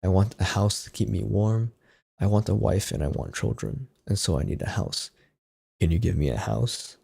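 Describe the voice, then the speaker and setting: A man's voice: lowish voice, moderate pace, creaky, mellow, breathy edge, heavily acted. A man voicing a needy boy who grows into a tired old man, in a plain, weary way.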